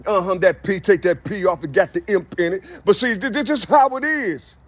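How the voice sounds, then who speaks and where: Slangy, preachy man with a husky voice. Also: high-pitched, brisk, no echo. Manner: preachy, repeats "you see" constantly; loose, slangy and streetwise. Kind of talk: spiritual monologue.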